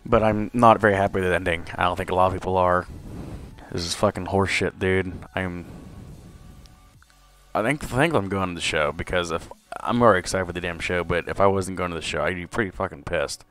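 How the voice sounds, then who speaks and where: A man's voice: low voice, a little fast, a bit bright. A young man hosting a live wrestling review stream, ranting angrily and swearing constantly. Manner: angry profane ranting, frequent cursing. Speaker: wrestling podcast host.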